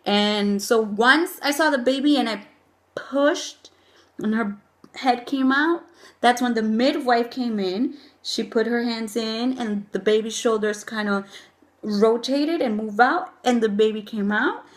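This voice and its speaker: A young woman casually telling a personal story, animated and gushing, with lots of "like" and "oh my God" fillers. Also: fairly high pitch, unhurried. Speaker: new mother telling her birth story.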